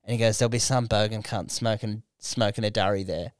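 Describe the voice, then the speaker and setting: A man's voice: on the low side, brisk, clean tone, no room sound. A young Australian man, a comedian, telling a story in casual chat, swearing freely and acting out what people said. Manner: animated, swears a lot, acts out quotes. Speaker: comedian podcast co-host. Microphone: studio microphone.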